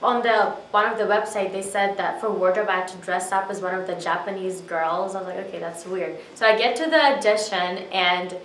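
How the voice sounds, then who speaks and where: A woman's voice: mid-range voice, steady tone, fairly quick, hardly any pauses, a bit bright, slight background noise. Young woman rambling thru an audition story, lots of likes, kinda far from the mic, echoey room. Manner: chatty, filler-heavy, acts out her own reactions. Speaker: actor telling an audition story. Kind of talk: casual storytelling to camera. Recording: roomy, distant mic with faint ambience.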